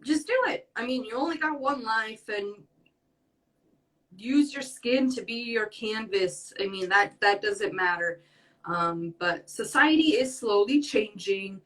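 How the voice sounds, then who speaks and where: A woman's voice: on the high side, measured pace, a bit bright, recorded from a distance, rough recording. Earnest young woman, set back from the mic. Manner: earnest, rambling with many fillers. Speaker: guest. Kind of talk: casual conversation.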